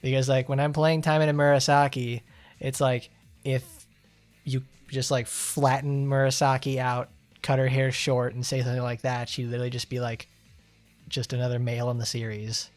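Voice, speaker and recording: A man's voice: mid-range voice, little pitch movement, moderate pace, soft background music. Rambling male game streamer. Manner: rambling, chatty, laughs often. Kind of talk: casual gameplay commentary.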